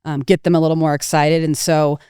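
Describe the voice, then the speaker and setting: Very clear-voiced woman instructor, thoughtful. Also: sits low, flat delivery, mellow, no room sound, clean studio sound. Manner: thoughtful, slows down at points, light laughs. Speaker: snowmobile riding instructor. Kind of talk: casual podcast chat.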